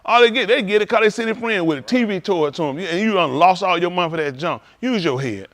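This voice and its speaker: A man hosts a livestream, cracking jokes and acting out the people in his stories. His voice sits high and swings widely in pitch as he animates each bit. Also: fast. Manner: animated storytelling, acting out quoted voices, laughing. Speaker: livestream host at a congregation. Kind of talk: casual joking talk to a livestream audience.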